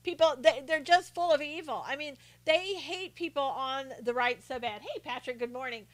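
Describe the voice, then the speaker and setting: A woman's voice: high-pitched, normal speed, no echo. A woman hosting a live stream in casual chat, telling stories with frequent laughs and greeting viewers by name as she answers their comments. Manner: animated storyteller with frequent laughs.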